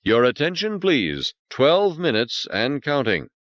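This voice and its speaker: A man voicing an automated countdown announcer in a formal, measured tone. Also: medium pitch, wildly swooping pitch, fairly bright tone, no room sound, dull audio, pitched above the performer's own voice, full character voice. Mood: announcing.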